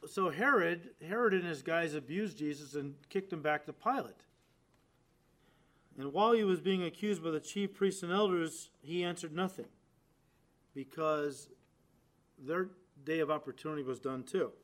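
A man preaching a sermon, stressing phrases loudly and dropping to quiet, low endings, turning to the listeners and acting out quoted lines. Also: normal speed. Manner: addresses listeners directly, acts out quoted lines.

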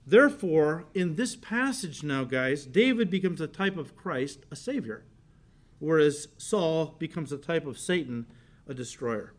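A man's voice: on the high side, animated, measured pace. A male pastor giving a conversational expository sermon, calling his listeners "guys" and acting out quoted lines with rising emphasis.

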